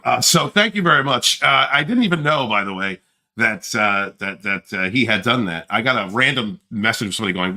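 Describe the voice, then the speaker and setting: A man's voice: medium pitch, lively intonation, a little fast, bright, forceful tone. A man hosting a livestream, rambling brashly and boasting, with frequent laughs. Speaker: livestream host. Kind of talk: casual livestream chat.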